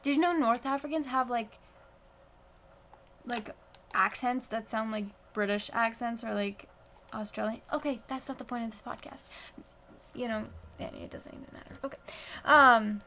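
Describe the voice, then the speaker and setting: High-voiced, rambling woman podcaster. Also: normal speed, long pauses, sharp tone, slight background noise. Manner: rambling, chatty, self-deprecating, many fillers. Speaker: podcast host. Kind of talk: casual chat. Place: at home, sitting on the floor. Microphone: phone.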